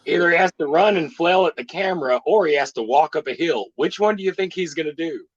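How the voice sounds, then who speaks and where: A man's voice: a little high, highs cut off. A man co-hosting a podcast, riffing wryly and laughing along. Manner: wry, quick to laugh and riff. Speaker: podcast co-host. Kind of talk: joking casual chat.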